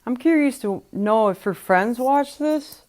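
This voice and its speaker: A woman's voice: on the high side, animated, measured pace, noisy background. A woman hosting a reaction video, commenting casually with musing, speculative asides.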